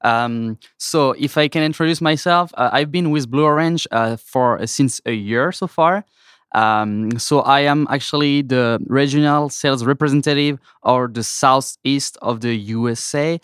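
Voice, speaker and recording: A man from France with a French accent, a guest sales representative in a podcast interview, speaking halting English and searching for words. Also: medium pitch, fairly bright tone, clear, resonant tone, dry recording, studio quality.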